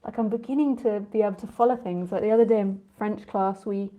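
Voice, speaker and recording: A woman's voice: medium pitch, fairly even intonation, quick pace, phone-quality sound. A woman spiritual teacher in a casual live talk with listeners, rambling and chatty, often laughing and drifting off on tangents.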